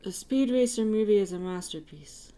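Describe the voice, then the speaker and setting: A woman's voice: medium pitch, expressive, moderate pace, mellow. A woman chatting casually about her drawing during an art livestream. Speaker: artist streamer. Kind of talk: casual chat while drawing.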